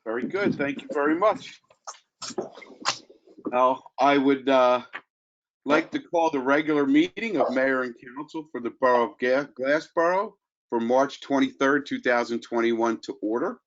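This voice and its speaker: A man's voice: medium pitch, moderate pace. American guy running a council meeting, polite and formal, muffled online call sound. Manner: formal, courteous. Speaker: mayor.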